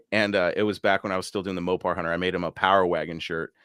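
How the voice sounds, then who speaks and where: A man's voice: deep voice, steady tone, quick pace, a bit bright, clear, resonant tone, no echo, studio quality. A man hosting a live podcast, chatting casually and laughing often as he reads out viewer comments. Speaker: podcast host. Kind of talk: casual live-stream chat.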